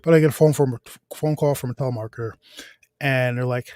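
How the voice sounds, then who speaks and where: A man in a relaxed chat show tells stories in a rambling way, restarting his sentences as he goes. His voice sits at an ordinary pitch. The recording is dry and close. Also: a little fast, dry recording. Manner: rambling storyteller, self-corrects, casual swearing. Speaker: podcast co-host. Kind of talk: casual chat.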